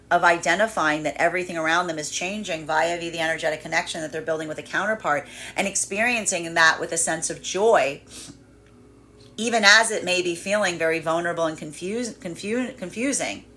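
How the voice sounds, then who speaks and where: A woman with a slightly low voice gives a loose, unscripted tarot reading. She circles back on her words and restarts sentences. Now and then she breaks into lively voiced asides. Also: brisk. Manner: rambling, self-correcting, animated when voicing others. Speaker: tarot reader. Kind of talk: daily tarot energy reading.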